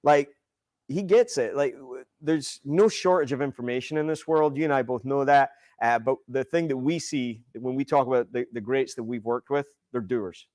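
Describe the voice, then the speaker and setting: A man co-hosting a podcast in casual chat, talking in an enthusiastic, animated way. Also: medium pitch, moderate pace, no echo, studio quality. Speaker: podcast co-host.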